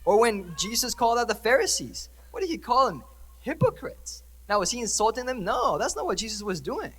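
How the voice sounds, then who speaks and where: A man's voice: high voice, sing-song, quick pace, a bit bright, husky. A young man, a priest, preaching a conversational sermon and asking the congregation questions. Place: church. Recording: church hall reverb.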